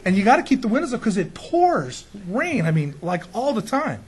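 A man, a pastor, preaching through an animated, self-mocking story full of restarts. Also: high-pitched, moderate pace, slightly rough. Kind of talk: storytelling sermon.

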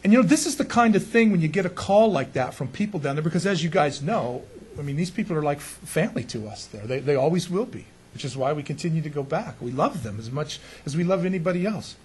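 A man's voice: on the high side, expressive, fast talker, a little mellow, husky. A man preaching as a pastor in a conversational sermon, often asking his congregation rhetorical questions and chuckling now and then.

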